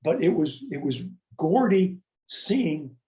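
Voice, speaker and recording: A man's voice: a little high, sing-song, slow pace, mellow, echoey room, low-quality recording. A man hosting an interview in a reflective way, retelling stories and quoting people as he asks questions. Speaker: podcast host. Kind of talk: conversational interview.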